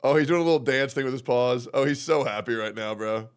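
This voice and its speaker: A young man streaming from home, chatting casually with his viewers, swearing freely, and cooing in soft baby talk to his cat. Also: mid-range voice, quick pace, clean tone. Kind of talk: casual live-stream chat.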